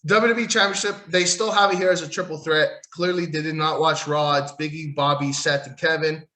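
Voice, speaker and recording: A man's voice: a little high, steady tone, brisk, sharp tone, reverberant. A man hosting a solo wrestling podcast, ranting in a profane, sarcastic, rambling way while losing his voice. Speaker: podcast host.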